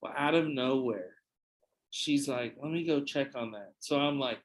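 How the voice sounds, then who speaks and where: A man's voice: medium pitch, unhurried, a little hiss or hum, rough recording. A young man hosting a podcast, telling a long anecdote in a casual, profane, rambling way with frequent restarts. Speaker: podcast host. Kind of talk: casual storytelling.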